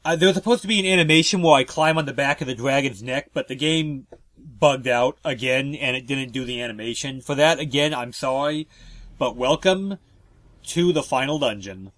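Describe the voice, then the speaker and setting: A man's voice: medium pitch, moderate pace, a bit bright. A man giving casual, joking commentary over a video game walkthrough. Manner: chatty, joking, self-deprecating. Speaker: let's play host.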